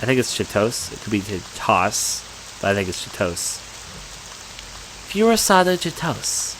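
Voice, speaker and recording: A man's voice: mid-range voice, sing-song, fast talker, background noise. A man giving casual, joking commentary while playing a horror game. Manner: joking, self-mocking asides. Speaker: let's play commentator.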